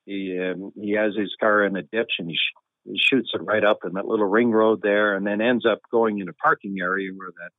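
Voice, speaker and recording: A man telling a long anecdote in a relaxed, wry way with chuckles and deadpan humor. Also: fairly low pitch, fairly quick, no room sound. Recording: tinny phone-like line, dry.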